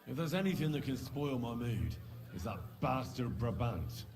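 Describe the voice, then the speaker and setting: An earnest young squire chats in a game, friendly and inquisitive. His voice sits mid-range with lively rises and falls. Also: mid-range voice, moderate pace, a little hiss or hum.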